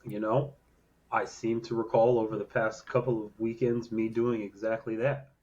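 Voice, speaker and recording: A man's voice: lowish voice, little pitch movement, normal speed, darkish tone, lo-fi sound. A man co-hosting a podcast, telling a trip story in a laid-back, casual way with the odd swear word. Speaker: podcast co-host. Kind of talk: casual chat.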